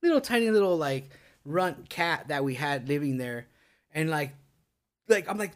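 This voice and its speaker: A man's voice: sits high, animated, moderate pace, fairly bright tone, slight background noise. A young man telling a ghost story on a casual podcast, rambling and swearing, packing every sentence with "like" and "dude". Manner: rambling, profane, full of "like" and "dude".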